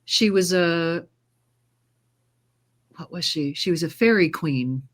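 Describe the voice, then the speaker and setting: An American woman who narrates audiobooks and trained as a singer, chatting in a casual interview and telling lively stories with frequent laughter. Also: fairly low pitch, slow pace. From United States. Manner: lively storyteller, laughs often; trained singer with controlled delivery.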